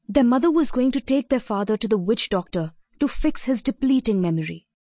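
A woman narrating a children's story in a steady, expressive reading voice. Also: fairly high pitch, fairly quick, no room sound, clean studio sound.

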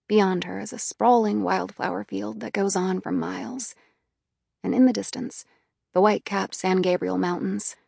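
An audiobook narrator reads in the first person with a creaky, medium-pitched, slightly mellow voice. The recording is dry and cleanly studio-made.

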